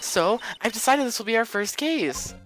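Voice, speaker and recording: A man voicing an excitable young female sidekick in a shrill, squealing falsetto as he reads game dialogue aloud. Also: normal speed, soft background music. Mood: excited.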